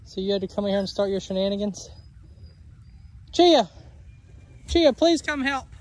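A man's voice: high-pitched, a little mellow. A man vlogging outdoors on his homestead, joking, laughing and exasperated as he talks to his animals. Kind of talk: casual vlog narration to camera. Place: outdoors on a homestead, in and around a chicken coop.

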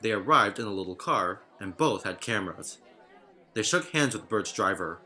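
Man reading a storybook with lively lilt. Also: fairly low pitch, moderate pace, some chatter behind. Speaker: narrator. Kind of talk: storybook narration. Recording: narration over loud music.

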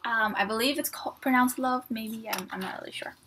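A woman vlogger with a slightly high voice talks casually through an unboxing. She gushes with excitement, reads printed lines aloud, and now and then drops to a soft near-whisper. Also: fairly quick, a little hiss or hum. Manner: gushing, excitable fan talk.

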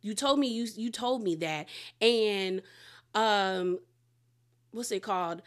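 A woman's voice: mid-range voice, slow, clean tone. A woman casually retelling a reality show fight, acting out quotes from the cast. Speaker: reality TV recap host. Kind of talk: casual chat.

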